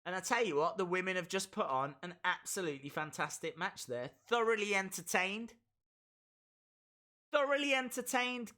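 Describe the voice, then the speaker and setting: A man's voice: high-pitched, brisk, few pauses, bright, forceful tone. A man hosting a casual live reaction stream of a wrestling show, playfully repeating phrases and reading out viewers' chat.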